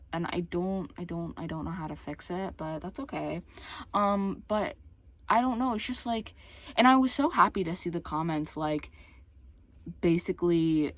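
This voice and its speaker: A woman rants into the camera in a casual vlog, her voice fairly low for a woman and her speech slightly slurred by a dental retainer. She sounds heated and exasperated, stops and restarts often, and her voice cracks now and then. The recording is close and dry, with no room sound. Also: dry recording. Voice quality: occasional voice cracks. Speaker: YouTuber.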